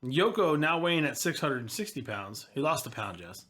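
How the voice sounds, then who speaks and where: A man's voice: fairly high pitch, big pitch swings, moderate pace, fairly bright tone. A man co-hosting a casual wrestling podcast, reading through history notes and adding wry asides. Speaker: podcast co-host.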